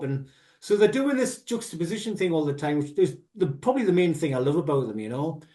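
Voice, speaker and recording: A man co-hosting a relaxed music podcast, talking in a voice that sits a little on the high side. He explains his views at length with plenty of asides, drifting from one tangent to the next. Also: a little fast. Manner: rambling, animated explanations with asides. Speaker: podcast co-host. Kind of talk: casual music review chat.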